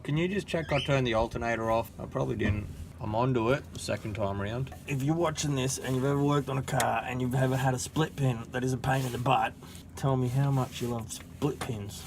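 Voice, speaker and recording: A man's voice: mid-range voice, fairly quick, background noise. An Australian man who is sick with a sore throat chats casually while working under a car, full of dry, joking sarcasm. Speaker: home mechanic vlogger.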